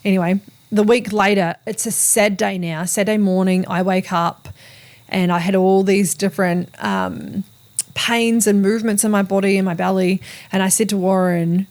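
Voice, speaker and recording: A woman's voice: mid-range voice, normal speed. Frank, chatty woman telling a story. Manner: candid, swears freely, lively retelling with quoted dialogue. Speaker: podcast host. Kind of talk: casual storytelling chat.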